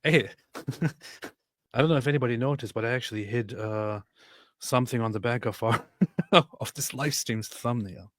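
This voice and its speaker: A man chatting on a livestream, delivering jokes in a deadpan, matter-of-fact way. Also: medium pitch, moderate pace, no echo, clean studio sound. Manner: joking, deadpan announcements. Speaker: co-host. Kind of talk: casual livestream chat.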